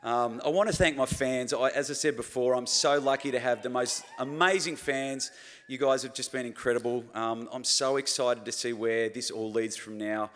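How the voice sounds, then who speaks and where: A man's voice: mid-range voice, steady tone, normal speed, fairly bright tone. Overwhelmed Australian man in an echoing hall. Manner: overwhelmed, stumbling and repeating words, heartfelt. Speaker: award winner giving acceptance speech. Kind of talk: emotional acceptance speech. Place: large awards hall with live audience. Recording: long hall reverb, faint crowd.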